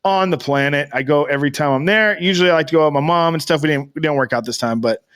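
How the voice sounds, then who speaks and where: A man's voice: fairly high pitch, fast, fairly bright tone, smooth. A man co-hosting a podcast, rambling through a casual story with loose swearing. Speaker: podcast co-host. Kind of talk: casual chat.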